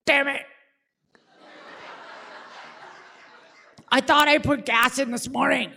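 A woman's voice: a little high, normal speed, fairly bright tone, a little hiss or hum. Woman doing her careless, unbothered dad. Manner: casual shrugging delivery with fillers. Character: easygoing careless middle-aged father, unbothered.

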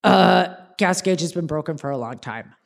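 A woman's voice: fairly low pitch, animated, moderate pace, vocal fry, voice pushed down. Woman doing an offhand, unbothered dad. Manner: offhand, shrugging understatement. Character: unflappable careless father at sea.

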